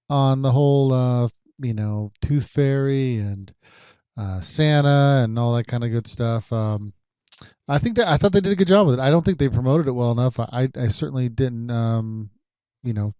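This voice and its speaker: Rambling dad podcaster with a mellow voice. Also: male voice, mid-range voice, dry recording, highs cut off. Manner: rambling, many ums and restarts, wry storytelling. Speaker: podcast host. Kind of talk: casual solo podcast chat.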